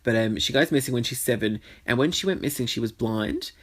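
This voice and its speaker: A man's voice: mid-range voice, animated, a little fast. Man, solo podcast host, chatty and sweary, wanders off on tangents. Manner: rambling, sweary, goes off on tangents. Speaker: podcast host, drag performer. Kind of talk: casual solo podcast chat. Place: bedroom.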